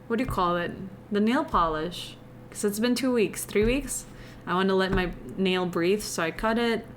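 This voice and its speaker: Young woman streamer, Indonesian accent, mid-pitched, rambling and confiding with her viewers, faint room hum behind. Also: a bit bright. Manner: meandering, confiding, chatty with viewers. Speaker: livestreamer. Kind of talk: casual live-stream chat.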